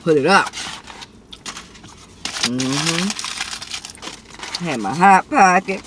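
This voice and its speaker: A woman's voice: sits low, lively intonation, extremely slow, noisy background. A woman, chatting playfully with viewers about her meal on her eating show. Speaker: mukbang vlogger. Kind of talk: casual eating show chat.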